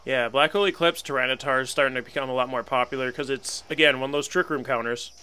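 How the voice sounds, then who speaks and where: A man's voice: medium pitch, steady tone, fast talker, bright, forceful tone, clear, resonant tone. A young man giving casual live commentary on a video game battle, wry and resigned, laughing at himself now and then. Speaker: gaming channel host.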